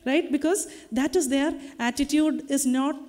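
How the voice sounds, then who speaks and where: A woman's voice: high voice, measured pace, a little mellow, big-room sound. A woman giving a sermon in a conversational way, often checking with the listeners through tag questions. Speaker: preacher.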